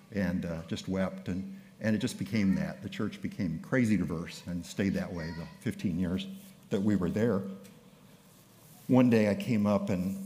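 An older male pastor tells stories from the pulpit in a relaxed, conversational way, often restarting his sentences. His voice sits very low. The sound rings with the long reverb of a large hall. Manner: conversational, anecdotal, with frequent restarts. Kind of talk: sermon storytelling.

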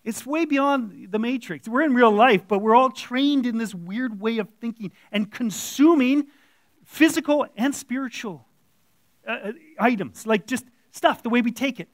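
Male lay preacher, very high pitch, plain-spoken and blunt, dry close recording. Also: unhurried, dry recording. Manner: blunt, conversational, acting out quoted voices. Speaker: church elder preaching. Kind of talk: informal sermon. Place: church room with audience.

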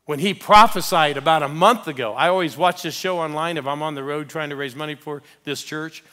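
A man's voice: a little high, fairly quick, bright, forceful tone. A man preaching as a guest pastor in a church, telling a story and urging the congregation to respond. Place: church sanctuary.

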